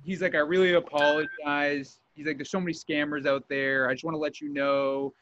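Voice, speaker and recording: A man's voice: on the high side, little pitch movement, fairly quick, a bit bright, lo-fi sound. A man hosting a podcast, telling a story in casual chat and acting out both sides of a call. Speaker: podcast host.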